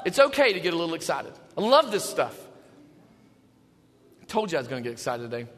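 A man preaching an Easter sermon in a church, animated, dropping to a hush and then rising to shouts. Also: a little high, fast talker, pauses often, long reverb tail. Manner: animated, shifts between hushed and shouting. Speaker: pastor. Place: church sanctuary.

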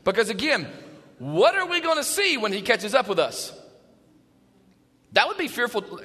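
A man preaching an Easter sermon in a church, animated, dropping to a hush and then rising to shouts. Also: very high voice, normal speed, long pauses, in a large hall. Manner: animated, shifts between hushed and shouting. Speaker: pastor. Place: church sanctuary.

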